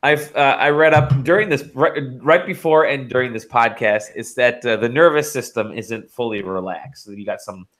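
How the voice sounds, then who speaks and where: A man's voice: medium pitch, moderate pace, hardly any pauses, a bit bright. A man co-hosting a casual podcast, rambling through stories with swearing and laughter. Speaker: podcast co-host.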